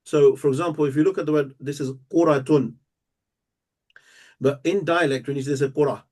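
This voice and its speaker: A man teaching a live language lesson, explaining step by step and repeating words slowly and patiently. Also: a little high, fairly even intonation, darkish tone. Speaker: Arabic teacher.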